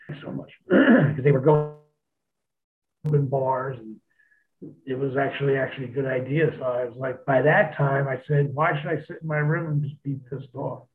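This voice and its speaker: A man telling stories in a casual chat, laid-back and profane, laughing often. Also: mid-range voice. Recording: tinny phone-like sound.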